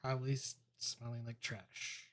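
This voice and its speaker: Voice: medium pitch, level tone, moderate pace. A player in a tabletop role-playing game who casually describes their own character's actions.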